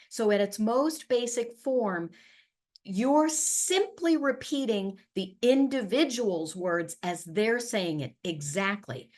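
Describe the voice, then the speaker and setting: A middle-aged woman leading a webinar for caregivers, explaining patiently and acting out calm, soothing sample replies. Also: medium pitch. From USA. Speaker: webinar facilitator and family therapist. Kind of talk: educational webinar presentation.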